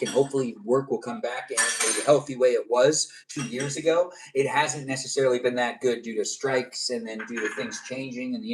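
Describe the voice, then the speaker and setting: A man's voice: mid-range voice, distant mic. A man from Los Angeles hosting a casual livestream, chatty and answering viewer comments as they come in. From Los Angeles, California. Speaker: livestream host.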